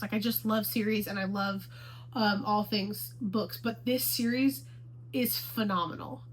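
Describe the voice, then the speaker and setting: A woman's voice: medium pitch, fairly even intonation, unhurried, a little hiss or hum, poor audio. A woman chatting casually to the camera about books she loves. She gushes and repeats herself for emphasis. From Houston, Texas area. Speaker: book vlogger.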